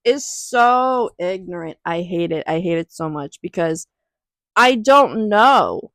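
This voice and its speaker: A woman's voice: on the low side, animated, takes it slowly, fairly bright tone, no echo. A young woman talking in an emotional, rambling way in a personal vlog at home, near tears. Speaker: vlogger.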